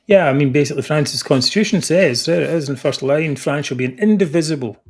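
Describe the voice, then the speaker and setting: A man's voice: a little high, fast, a little mellow. A man hosting a casual political podcast and signing off the show. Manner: blunt, wraps up the show. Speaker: podcast host. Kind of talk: casual livestream chat.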